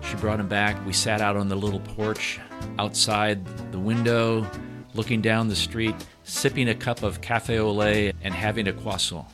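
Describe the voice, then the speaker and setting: A man's voice: lowish voice, little pitch movement, moderate pace. A man co-hosting a podcast, telling stories and asking the host questions. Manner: warm storytelling, asks questions. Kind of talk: podcast conversation and scripted intro. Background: guitar music.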